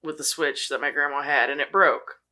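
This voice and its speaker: A woman's voice: low voice, fairly even intonation, fairly quick, pushed and bright. A woman co-hosting a casual podcast chat, teasing the others and giggling while she tells a family story.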